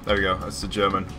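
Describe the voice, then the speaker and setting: A man from near London, chatting casually on a game livestream, rambling with many fillers and restarts. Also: low-pitched. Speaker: streamer. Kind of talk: casual livestream chat while gaming.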